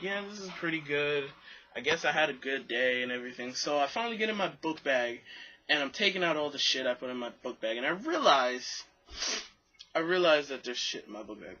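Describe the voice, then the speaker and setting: A man's voice: medium pitch, slightly rough, highs cut off. A young man in his late teens telling a rambling, profane personal story in a casual way and acting out the voices of the people in it. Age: young adult. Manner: rambling, excitable, profane, acts out quoted voices.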